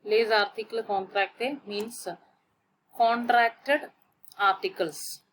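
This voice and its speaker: Slow, careful woman teaching grammar. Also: a little high, fairly even intonation, fairly bright tone, slight background noise. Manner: slow, explains step by step and spells out letters. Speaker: French teacher. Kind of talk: grammar lesson.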